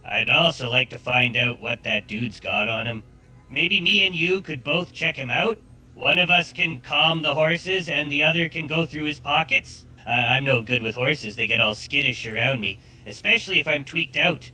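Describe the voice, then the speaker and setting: A man's voice: fairly high pitch, normal speed, bright, forceful tone, husky, faint music behind, full character voice, low-quality recording. A synthetic male voice playing a cocky outlaw gunslinger in a Southern American accent, boastful and swaggering.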